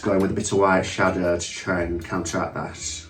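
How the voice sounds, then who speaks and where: Low-voiced chatty man. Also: level tone, a little fast, roomy sound, distant mic, over loud music. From England. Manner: chatty, self-mocking, sweary asides. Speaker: drag queen vlogger. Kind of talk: casual makeup tutorial chat.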